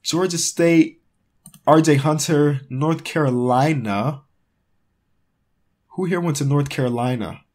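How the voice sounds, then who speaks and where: A man's voice: on the high side, slow, pauses often. A man giving casual running commentary on a sports quiz, talking to himself and crying out in frustration. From Chicago area. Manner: excitable, talks to himself, cries out in frustration. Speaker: sports YouTuber.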